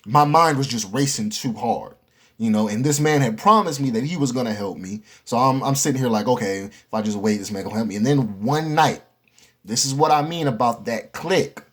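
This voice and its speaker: A young man tells a story straight to camera in a loose, casual way. He talks in a lively, slangy style, swears freely and keeps turning to the viewer with quick asides. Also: mid-range voice, breathy edge. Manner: animated, slangy and profane, with frequent asides to the viewer. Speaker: vlogger telling a story.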